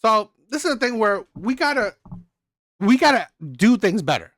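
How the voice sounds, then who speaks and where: A woman's voice: on the high side, sing-song, normal speed, no room sound. A woman hosting a reaction video, ranting heatedly with a lot of profanity and stumbling restarts. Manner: heated, profane, self-interrupting. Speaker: reaction channel host.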